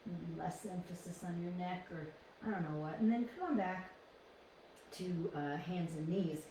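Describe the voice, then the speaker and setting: Woman, yoga instructor, calm encouraging cues, very roomy echo, faint background hiss. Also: lowish voice, normal speed. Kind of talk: guided yoga class instruction. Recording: echoey room, distant from mic.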